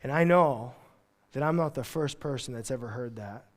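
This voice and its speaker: A man's voice: medium pitch, normal speed, long reverb tail. A male pastor preaching a sermon in a casual, joking manner, full of slangy asides. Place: church.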